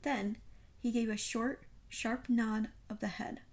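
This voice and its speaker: A woman narrating a classic detective story in a measured reading voice. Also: fairly high pitch, little pitch movement. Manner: measured storytelling read aloud. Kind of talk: audiobook narration.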